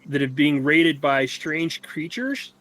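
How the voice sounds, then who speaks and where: Slow, halting game master, a man. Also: a little high, lively intonation, fairly bright tone. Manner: halting, searching for words. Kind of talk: narrating a tabletop game.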